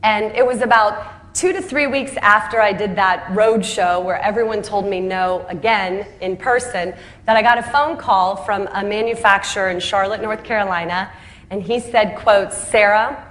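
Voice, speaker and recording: A founder, female, gives a spirited speech about her path, cracking jokes at her own expense. She imitates the voices of those she quotes and laughs at her own punchlines, in a mid-range voice at normal speed.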